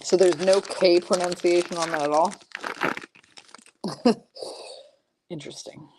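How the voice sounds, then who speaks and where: A woman hosting a live-streamed trading card break, briskly calling out each pull and teasing her chat viewers. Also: on the low side, steady tone, background noise.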